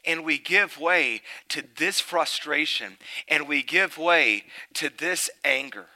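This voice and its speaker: A middle-aged man preaching a sermon. He tells a family story, then turns loud and emphatic. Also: a little high, slow pace, poor audio.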